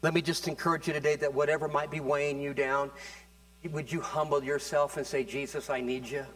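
A man preaching a sermon, talking casually with restarts and building to fervent, louder passages. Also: a little high, level tone, brisk. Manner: conversational, with repeated words and restarts. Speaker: pastor.

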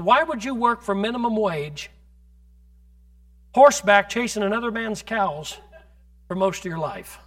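Male preacher, high bright voice, fervent sermon style that pushes into shouting and calls out to the room. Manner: builds from conversational to fervent shouting; calls on the congregation directly.

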